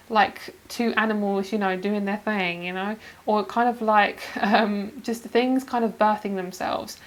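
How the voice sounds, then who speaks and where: A woman reading tarot cards to camera in an effusive, gushing way, close to tears with emotion. Her voice sits at a middle pitch, and she swears casually between bursts of laughter. She chats to her viewers like close friends. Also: rough recording. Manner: calls viewers girl and you guys. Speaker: tarot card reader.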